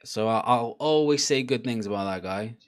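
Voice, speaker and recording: Young man streaming a live match reaction, mid-pitched, chatty, swears a lot. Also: normal speed, clear, resonant tone. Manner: chatty, swears, shouts at the players, laughs often. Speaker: football watchalong streamer.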